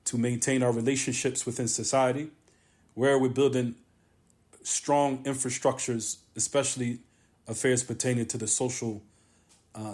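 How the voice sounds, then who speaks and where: A man of middle pitch gives a religious lesson in a mosque. He talks with emphasis, circles back to repeat his key lines, and pauses between phrases. Arabic terms run all through his teaching. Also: a little mellow. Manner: repetitive, emphatic, drawn-out pauses. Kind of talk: religious lesson on a classical text.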